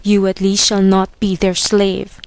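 A woman voicing a grieving desert tribesman in a storybook reading, slow and tender. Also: medium pitch, monotone, close to an everyday voice. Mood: sorrowful. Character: grieving desert tribesman, loyal to his horse.

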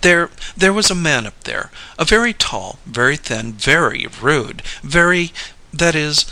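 A woman's voice: low voice, animated, a little slow, pushed and bright, no echo, voice pushed up, exaggerated voice, low-quality recording. A man reading aloud and voicing a shy, flustered young country woman in a raised, hesitant voice.

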